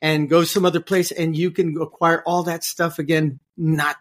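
A man talking in a conversational interview, lively and given to repeating words as he searches for a phrase. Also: a little high, normal speed. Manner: animated, voices other people in anecdotes. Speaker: podcast guest.

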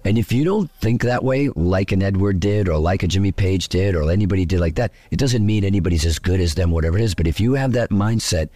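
Low-voiced excitable middle-aged man. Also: quick pace, few pauses, no echo. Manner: excitable storyteller, acts out quoted voices. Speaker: guitarist interviewed after a festival gig. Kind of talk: animated casual interview talk.

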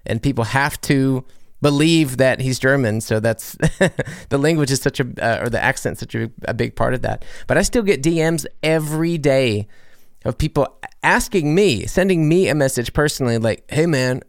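A man's voice: mid-range voice, animated, moderate pace, gravelly, no room sound, clean studio sound. A man who is a musician and comedy creator, answering radio interview questions in an earnest, rambling way with many restarts. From United States.

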